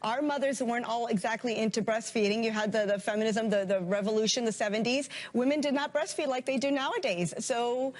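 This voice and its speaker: A woman debates as a guest, hesitant and defensive in her answers. Her voice sits fairly high. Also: fairly even intonation, fairly quick, hardly any pauses.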